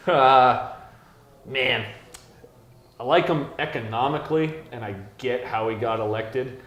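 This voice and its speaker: A Canadian man hosting a pub talk show, blunt and crude, swearing freely and getting loud in heated rants. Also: mid-range voice, takes it slowly, long pauses. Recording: echoey pub room.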